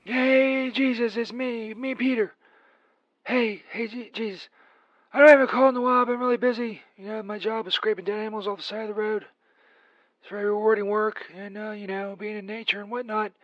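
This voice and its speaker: A shrill, squeaky Saint Peter, as a man puts him on, rambling through a comic voicemail full of profanity and petty grudges. The voice sounds dull and lo-fi, close and dry with no room around it. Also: fairly even intonation, a little fast, a bit bright, no echo. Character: crude rambling Saint Peter, adult male.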